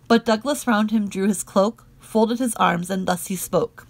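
Creaky-voiced woman reading verse. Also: mid-range voice, dry recording. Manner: measured, rhythmic verse reading. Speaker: audiobook reader. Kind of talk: reading narrative poetry aloud.

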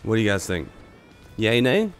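A man's voice: on the low side, sing-song, moderate pace, soft background music. A man with a cold, coughing now and then while casually commenting on his live gameplay and chatting to teammates and viewers. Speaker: gaming streamer.

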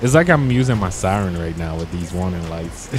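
A young man telling stories in a casual, slangy way while commenting on his gameplay, getting excited as he talks. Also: low voice, brisk, over music. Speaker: gaming YouTuber.

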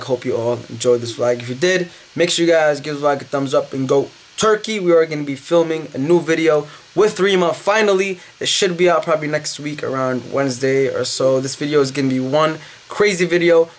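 A man vlogging to the camera in casual, excitable, playful talk. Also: on the high side, a little hiss or hum.

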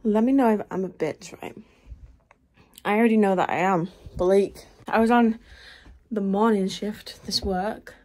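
A woman's voice: medium pitch, a little slow, darkish tone, no room sound. A young woman vlogging in a casual rant, rambling and exasperated, often dropping to a whisper. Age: young adult. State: out of breath; tired.

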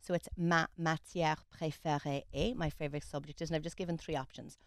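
A woman's voice: low-pitched, steady tone, a little fast, no echo, clean studio sound. An Irish woman teaching French phrases on the radio, explaining patiently and modelling the pronunciation. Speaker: French tutor.

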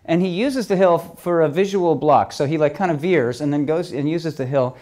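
A middle-aged man telling a story at a talk, lively, moving between loud and soft passages. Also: fairly high pitch, normal speed. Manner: lively storyteller, swings loud and soft, acts out quoted voices. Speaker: speaker telling stories at a talk.

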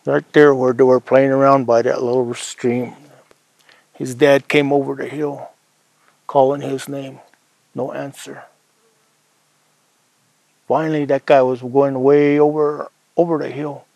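A man from the Ute Mountain Reservation in Colorado telling a traditional story in an unhurried, conversational way. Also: medium pitch, flat delivery, gravelly, darkish tone, dry recording, low-quality recording.

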